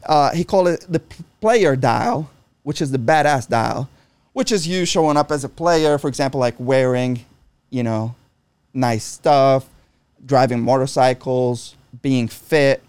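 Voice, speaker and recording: A man's voice: medium pitch, a little mellow, dry recording. A middle-aged man in casual chat, talking bluntly with lots of swearing and restarts. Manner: blunt and profane, frequent restarts.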